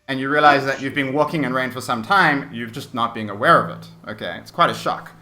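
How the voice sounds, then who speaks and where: A man's voice: medium pitch, a little fast, bright, forceful tone. A man narrating a tabletop game as game master, descriptive and full of fillers. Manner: descriptive, hesitant with many fillers.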